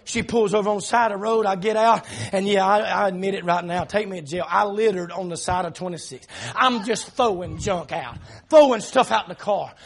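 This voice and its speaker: High gravelly bright-voiced preacher man. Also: a little fast. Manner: emphatic, often shouting, laughing through the story. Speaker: pastor. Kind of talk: storytelling sermon.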